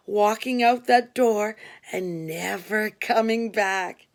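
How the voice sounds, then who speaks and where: A woman reading a novel aloud in an expressive way, doing voices for the characters. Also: medium pitch, takes it slowly. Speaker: audiobook reader.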